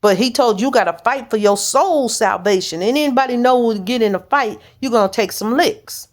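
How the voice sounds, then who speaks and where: A woman church leader delivers an informal sermon, talking bluntly and straight to the point in plain everyday words. Her voice sits a little on the high side. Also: brisk. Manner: blunt, direct, street-plain talk. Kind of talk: informal preaching.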